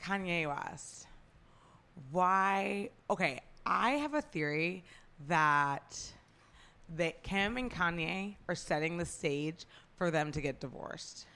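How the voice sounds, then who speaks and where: A woman's voice: lowish voice, expressive, takes it slowly, bright, forceful tone, clear, resonant tone. A woman co-hosting a casual celebrity gossip chat, talking chattily with lots of "like" and strong opinions. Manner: chatty, heavy use of "like", opinionated. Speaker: podcast co-host.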